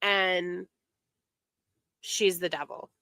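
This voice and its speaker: A woman's voice: fairly low pitch, fairly even intonation, extremely slow, pushed and bright, smooth, no room sound. A woman streamer giving casual, indignant commentary on online drama, sarcastic and given to mocking imitations.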